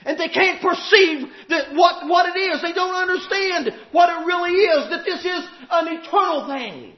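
A man preaching a sermon, impassioned and shouting at times, drawing out emphatic phrases. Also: very high-pitched, moderate pace. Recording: echoey, dull hall recording.

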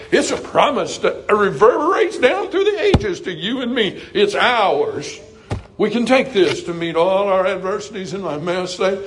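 A middle-aged man preaching a sermon earnestly, climbing to emphatic highs and dropping to soft, quiet passages. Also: slight background noise, low-quality recording.

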